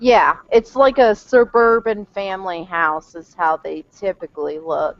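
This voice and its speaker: A woman's voice: fairly low pitch, steady tone, measured pace, lo-fi sound. A woman player in a tabletop role-playing game, explaining things casually.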